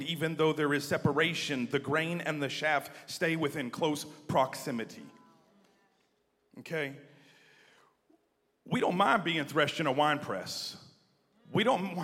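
A man preaching with fervor in a church hall, his slightly higher-than-usual voice ringing out with a long reverb. He swings from hushed asides to loud, emphatic calls and asks the congregation to repeat his words. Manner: building from quiet asides to near-shouted emphasis; leads the congregation in call-and-response. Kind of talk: sermon.

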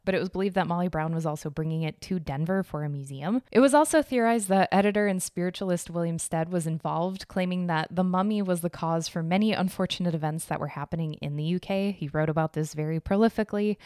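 A woman's voice: fairly low pitch, fairly quick, a little mellow, clear, resonant tone, no echo, clean studio sound. A woman hosting a casual news podcast, chatty and rambling, blunt and swearing now and then. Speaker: podcast host.

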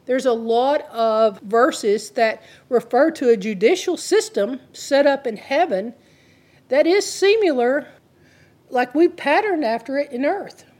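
A woman's voice: high voice, animated, unhurried, a little mellow. Earnest woman preaching through a story. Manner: earnest, retells the story with quoted dialogue. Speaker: Christian teacher. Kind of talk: conversational sermon storytelling.

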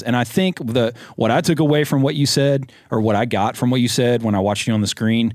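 Low-voiced male podcast host, reflective. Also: brisk, a little mellow, dry recording, studio quality. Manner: thoughtful, searching, with many restarts. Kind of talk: reflective casual chat.

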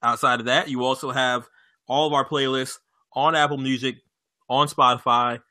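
A man's voice: medium pitch, moderate pace, no room sound. A young man co-hosting a casual podcast, talking loosely, swearing and laughing a lot. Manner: laughs often, swears, animated. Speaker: podcast co-host.

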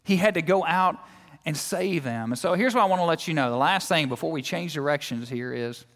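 A male guest preacher giving a sermon in a church, telling lively, joking stories and acting out everyday scenes. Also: fairly high pitch, a little fast, long reverb tail. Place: church sanctuary.

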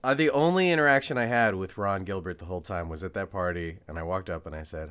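A man's voice: low-pitched, fast, hardly any pauses, fairly bright tone, smooth. A man co-hosting a podcast, telling stories in a casual, self-deprecating way with lots of laughter and restarts. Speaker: podcast co-host. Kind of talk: casual chat.

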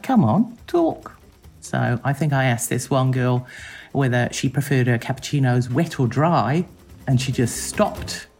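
A woman giving an interview, telling stories in a reflective way and slipping into lively voices when she quotes people. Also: a bass voice. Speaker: interviewee, former competition judge. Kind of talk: reflective storytelling.

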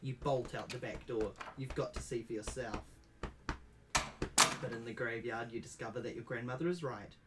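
A man hosting a podcast, reading a spooky gamebook aloud in a playful, animated storytelling manner. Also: medium pitch, normal speed, heavy background noise. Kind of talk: casual reading and chat.

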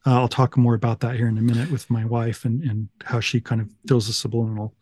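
A man's voice: medium pitch, flat delivery, fast, darkish tone, slightly rough, no echo, clean studio sound. A middle-aged man from Utah, a podcast guest, telling his life story in a rambling, self-deprecating, casual way. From Utah, USA. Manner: rambling, self-deprecating, fond of 1980s references.

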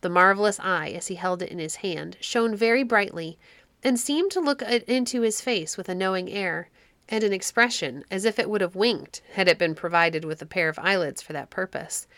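A woman reading a children's classic story aloud, with expressive narration. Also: medium pitch, normal speed, no room sound.

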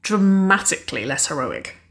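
A woman's voice: low voice, big pitch swings, normal speed, a bit bright, heavily acted. A cheeky young woman firefighter who laughs off her scars with jokes about being a hero, voiced by a woman reading aloud. She teases and grins as she talks, playful and easy in a storybook reading. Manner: cheeky, joking, grinning.

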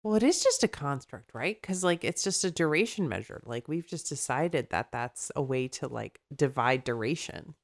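A woman's voice: deep voice, expressive, normal speed, few pauses. A woman with a Chicago accent co-hosting a podcast in casual chat, rambling with many fillers and restarts. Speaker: podcast co-host.

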